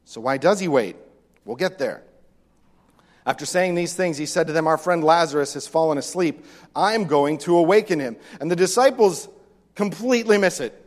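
Animated preacher in a reverberant hall. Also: male voice, fairly high pitch, moderate pace. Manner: animated, acts out the disciples' lines. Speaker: pastor. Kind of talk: sermon.

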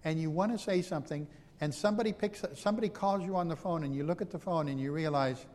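Male preacher, fairly high voice, chatty storytelling sermon, long reverb. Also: quick pace, darkish tone. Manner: conversational, self-deprecating storytelling.

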